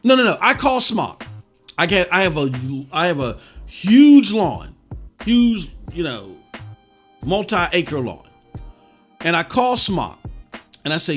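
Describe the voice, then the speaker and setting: A man co-hosting a casual podcast chat, telling stories with lots of animation and swinging between loud bursts and quiet asides. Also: sits high, very animated, takes it slowly, pauses often, soft background music. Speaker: podcast co-host.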